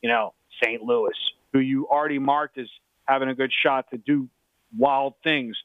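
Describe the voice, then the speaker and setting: A middle-aged man, a sports betting handicapper, talking excitedly on sports radio, repeating himself and talking over the others. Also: mid-range voice, normal speed, no echo. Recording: dry tinny phone line.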